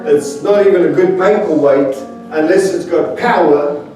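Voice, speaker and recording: A man's voice: a little high, normal speed, mellow, faint music behind. A man preaching a sermon in a church, telling humorous stories in a chatty, self-mocking way and chuckling between anecdotes. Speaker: guest preacher. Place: large church sanctuary. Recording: very echoey hall, voice from far off.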